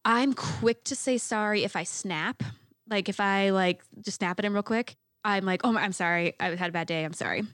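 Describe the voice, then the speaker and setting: A woman's voice: mid-range voice, normal speed, fairly bright tone, clear, resonant tone, dry recording, clean studio sound. A woman hosting a casual chat, open and confessional about her marriage.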